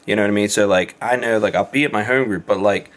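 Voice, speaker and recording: A man's voice: lowish voice, fast talker. A man talking casually and candidly, rambling with lots of fillers and occasional swearing. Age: adult with kids. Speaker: podcast guest in recovery. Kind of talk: casual chat.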